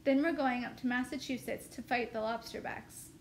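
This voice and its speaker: A woman's voice: fairly high pitch, steady tone, moderate pace, a little hiss or hum, close to an everyday voice. A woman reading a novel aloud, voicing a proud, cocky young man in a plain, lightly voiced way.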